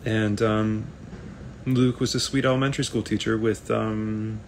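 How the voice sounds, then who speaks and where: A man, an actor, chatting casually on a live video stream, reading fan comments aloud and answering them in a relaxed, rambling way. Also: fairly low pitch, unhurried, a little hiss or hum.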